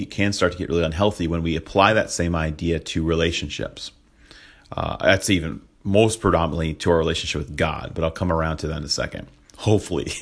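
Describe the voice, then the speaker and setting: Deep-voiced young man, rambling devotional talk. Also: fairly bright tone. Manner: rambling, joking asides, frequent chuckles. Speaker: Christian speaker.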